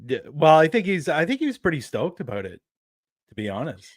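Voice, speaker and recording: A man hosting a podcast, chatting in an easygoing, friendly way with some halting restarts. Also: a little high, very animated, no room sound, clean studio sound. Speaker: podcast host. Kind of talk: casual podcast chat.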